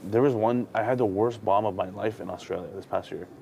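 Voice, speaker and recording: A man with a lowish voice tells stories from the road as a guest comedian. He talks in a loose, candid and profane way, and gets more animated as the story builds. Faint noise sits under the recording. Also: brisk, vocal fry. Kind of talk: casual storytelling.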